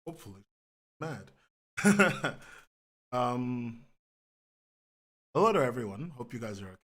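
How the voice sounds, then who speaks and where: A man's voice: mid-range voice, very animated, a little slow, fairly bright tone. A man hosting a livestream pre-show, rambling casually, greeting viewers by name, laughing often and swearing now and then. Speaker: podcast host.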